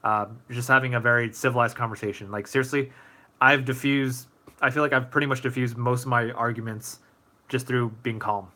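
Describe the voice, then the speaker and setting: A man's voice: mid-range voice, steady tone, brisk, sharp tone. A man hosting a casual live-stream Q&A, chatty and easygoing, answering viewer comments with many fillers.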